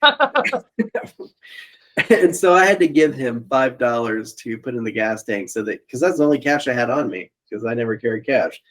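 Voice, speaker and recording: A man co-hosting a movie podcast tells a family story in a loose, animated way, his pitch rising and falling a lot. He laughs often as he talks, and he sounds like he is on a remote call. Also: a little fast. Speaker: podcast co-host. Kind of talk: casual storytelling chat. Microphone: remote call mic.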